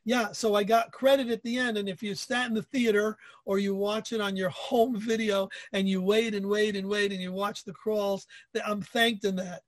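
A man's voice: high-pitched, little pitch movement, moderate pace, hardly any pauses, no echo. A man hosting a casual chat, telling his own stories with enthusiastic self-deprecation. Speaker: podcast host.

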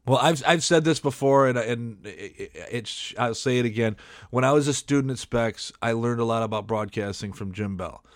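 A man running a casual interview, reminiscing as he asks his guest questions. His voice is recorded close and dry, with no room sound, and sits at a middle pitch. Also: moderate pace, no echo.

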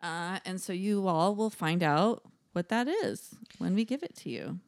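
A woman's voice: fairly low pitch, sing-song, a little slow, no room sound, clean studio sound. A woman co-hosting a podcast in casual, enthusiastic chat, laughing often. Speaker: podcast co-host.

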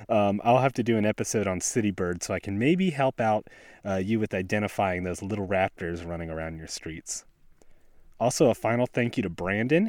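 A man's voice: on the low side, a little mellow, dry recording. A man with a West Virginian accent hosting a laid-back podcast, talking casually while out in a snowy forest. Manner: laid-back, self-deprecating. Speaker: podcast host. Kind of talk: casual outdoor podcast talk. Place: snowy forest outdoors by a stream.

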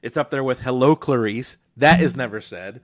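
A man's voice: medium pitch, normal speed. A man co-hosting a film podcast, chatting casually and emphatically with frequent restarts. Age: young adult or middle-aged, a father. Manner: enthusiastic, emphatic, many restarts. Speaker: podcast co-host.

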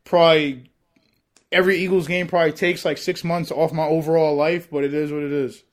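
Man, podcast guest, excitable, laughs a lot, high voice for a man. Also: fairly quick. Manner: excitable, laughs often, says bro a lot. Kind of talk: casual chat.

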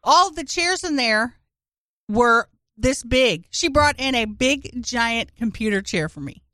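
A woman's voice: a little high, expressive, slow, a bit bright, dry recording, clean studio sound. A woman in casual chat, telling a crude, joking story.

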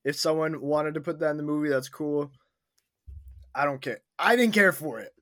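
A man's voice: fairly high pitch, normal speed, bright, forceful tone, no echo. Blunt, opinionated young man, dry mic. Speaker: podcast co-host. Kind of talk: casual movie review chat.

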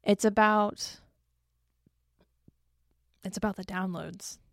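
A young woman hosts her podcast in a loose, self-deprecating chat, tired from an early morning. Her voice carries a gravelly fry at mid pitch. It is recorded close and dry, with no room sound. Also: fairly even intonation, slow pace, a bit bright, no echo. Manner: chatty and self-deprecating, joking asides. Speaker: podcast host. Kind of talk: casual solo podcast chat.

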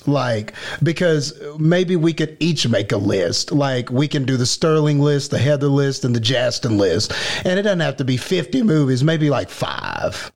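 A man co-hosting a podcast, casually rambling with lots of fillers as he pitches an idea. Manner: rambling, enthusiastic, filler-heavy. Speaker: podcast co-host. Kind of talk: casual chat.

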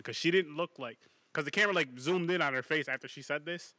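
Excitable swearing man in casual film chat. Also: on the high side, fast talker, no room sound. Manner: excitable, swears a lot, many restarts. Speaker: podcast co-host.

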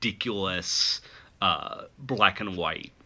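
A man's voice: low-pitched, slow pace, vocal fry, pushed and bright. A man from the South, co-hosting a casual film review chat, joking loosely and laughing often. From American South. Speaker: podcast co-host.

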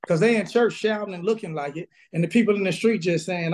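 Man, Southern pastor, high-pitched, emphatic and blunt, remote interview. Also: quick pace, hardly any pauses, darkish tone. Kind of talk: casual interview, preaching energy. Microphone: video call.

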